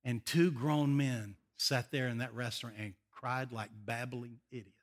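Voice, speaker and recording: An older man preaching a sermon, an animated, emotional storyteller who often laughs. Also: mid-range voice, normal speed. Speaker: pastor.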